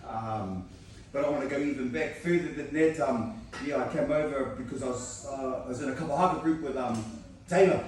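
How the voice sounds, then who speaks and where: A man's voice: medium pitch, brisk, darkish tone. Man, New Zealand accent, casual storytelling, lots of swearing and laughter, far from the mic, background noise. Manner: swears often, laughs a lot, many fillers. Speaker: jiu-jitsu training partner giving a speech. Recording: echoey room, distant mic, background noise.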